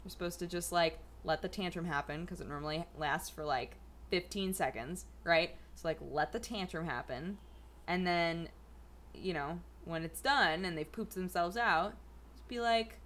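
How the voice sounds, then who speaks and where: A woman's voice: fairly low pitch, normal speed, fairly bright tone, slight background noise. A young adult woman chatting casually at home in a rambling vlog, full of fillers. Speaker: vlogger. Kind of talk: casual chat.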